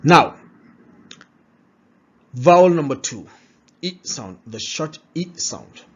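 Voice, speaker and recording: Slow, husky man teaching pronunciation. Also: fairly high pitch, lively intonation. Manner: repeats words slowly, checks in with "all right?". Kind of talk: slow, drilled pronunciation lesson. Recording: dull lo-fi recording.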